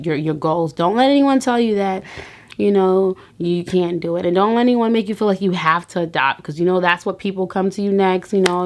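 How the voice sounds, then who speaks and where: A woman's voice: lowish voice, a little mellow. A woman in her thirties talking to camera in a personal vlog, giving earnest, faith-filled encouragement with frequent restarts. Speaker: vlogger.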